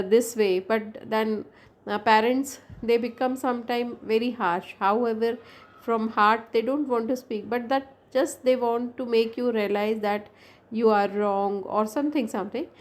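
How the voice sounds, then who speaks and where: Indian-accented woman lecturer, Hindi native, slightly high pitch, fumbling explanatory delivery. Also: darkish tone. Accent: Indian English. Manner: explains with many fillers and restarts, switches into Hindi. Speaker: English teacher. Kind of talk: classroom lecture.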